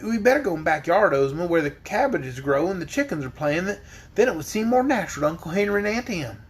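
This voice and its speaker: A man's voice: sits high, sing-song, fast talker, slightly rough, exaggerated voice. A man voicing an eager young girl who speaks earnestly and reassuringly. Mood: hesitant.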